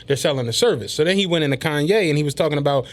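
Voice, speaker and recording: A man's voice: fairly high pitch, expressive, racing. A man hosting a casual podcast, animatedly retelling stories and quoting others. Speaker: podcast host.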